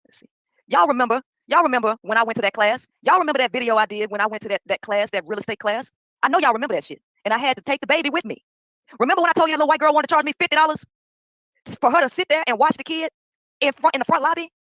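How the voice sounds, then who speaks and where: A woman's voice: sits high, very fast, a bit bright, dry recording, low-quality recording. A woman venting casually to her viewers in an exasperated, direct way. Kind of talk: casual rant.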